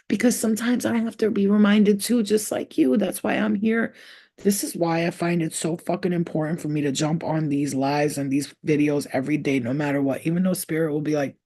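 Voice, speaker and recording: Brisk and husky, this woman's fairly low, dark voice delivers a profane, no-nonsense pep talk. She's a spiritual healer speaking straight to her audience, repeating herself for emphasis.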